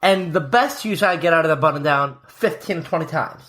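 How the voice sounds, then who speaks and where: A man's voice: on the high side, brisk, fairly bright tone. A young man co-hosting a podcast in casual, joking chat. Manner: playful, jokey, puts on hype voices. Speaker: podcast co-host.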